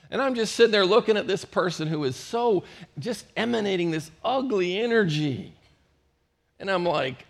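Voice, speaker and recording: A middle-aged male pastor preaching a storytelling sermon, swinging from loud bursts to hushed moments. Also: high-pitched, lively intonation, moderate pace, vocal fry.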